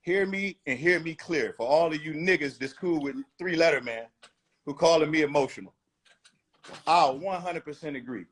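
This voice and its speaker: A man's voice: on the high side, moderate pace, a bit bright, breathy edge. A man talking as a rapper guest in a casual interview, blunt, emphatic and profane.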